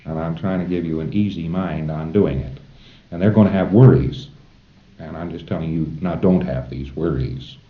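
A man with a very low voice talks a class through a procedure in a folksy, chuckling manner, acting out little exchanges. The old tape sounds muffled, and the room is echoey. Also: normal speed. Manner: folksy, chuckling, acts out dialogues. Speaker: lecturer training auditors. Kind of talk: recorded lecture to a class. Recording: roomy, dull old lecture tape.

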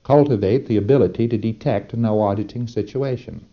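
A man's voice: lowish voice, a little fast, lo-fi sound. A man lecturing trainees in a folksy, emphatic way, with rhetorical asides to his listeners.

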